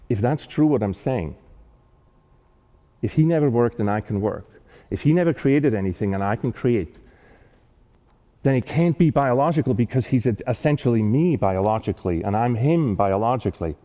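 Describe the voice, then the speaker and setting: A man giving a talk, telling a personal story in an earnest, animated way with frequent restarts. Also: on the low side, long reverb tail. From not American-born.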